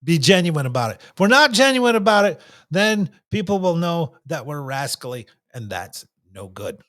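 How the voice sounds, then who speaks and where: A man's voice: fairly high pitch, very animated, normal speed, a bit bright. A man giving a casual talk on communication, repeating his points and acting out little quotes. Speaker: communication speaker.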